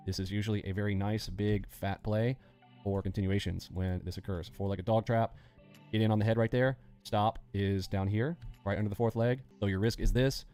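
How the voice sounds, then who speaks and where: A man hosting a live day-trading lesson, animated and acting out panicking traders with sound effects as he explains. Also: on the low side, moderate pace, clean tone, soft background music. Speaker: day trading instructor and host.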